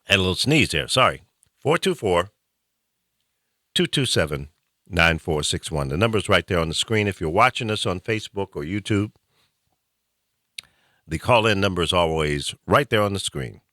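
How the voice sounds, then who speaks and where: A man's voice: deep voice, animated, moderate pace, long pauses, sharp tone, no room sound, clean studio sound. A middle-aged man from the American South hosting a call-in talk show, ranting animatedly and preachily. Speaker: host.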